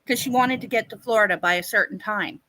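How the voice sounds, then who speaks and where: A woman with a Canadian accent, co-hosting a live stream and telling a rambling story, often pausing on "what do you call it". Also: medium pitch, pushed and bright, no echo, low-quality recording. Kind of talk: casual storytelling chat.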